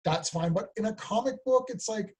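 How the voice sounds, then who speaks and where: A man co-hosting a casual comic book chat, rambling excitedly and acting out quotes. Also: high-pitched, normal speed, husky. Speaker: podcast co-host.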